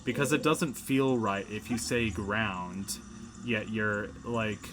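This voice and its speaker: A man's voice: lowish voice, takes it slowly, over music. A man hosting a casual let's play, rambling through gameplay commentary with lots of fillers and self-mocking asides, recorded at home.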